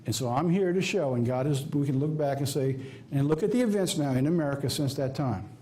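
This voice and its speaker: Southern preacher guy, folksy and emphatic, lots of rhetorical questions, warm-ish tone. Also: medium pitch, brisk, a little hiss or hum. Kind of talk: sermon. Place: church office or studio.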